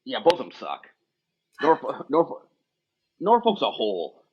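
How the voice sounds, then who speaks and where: A man's voice: medium pitch, huge pitch swings, a little fast, slightly rough. A man talking as a podcast guest, telling loose, rambling stories with lots of fillers. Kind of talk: casual chat. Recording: dull lo-fi sound.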